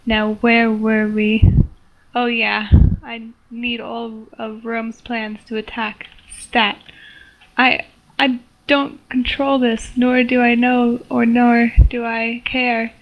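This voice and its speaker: A young woman reading her homemade story aloud in a flat, stumbling way. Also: a little high, slow, highs cut off. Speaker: story reader.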